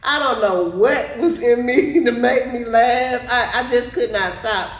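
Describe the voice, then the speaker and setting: A woman podcast co-host telling a story in casual chat, animated and laughing often. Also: fairly high pitch, unhurried, distant mic. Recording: echoey room, off-mic, faint noise.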